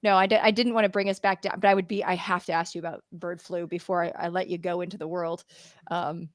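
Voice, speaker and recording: A woman's voice: fairly low pitch, little pitch movement, fast, no echo, clean studio sound. A woman hosting a podcast interview, chatty and casual, often restarting her sentences and laughing. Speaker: podcast host.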